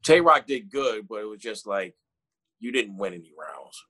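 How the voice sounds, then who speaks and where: A man's voice: lowish voice, very animated, normal speed, sharp tone. Laid-back slangy man chatting. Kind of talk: casual chat.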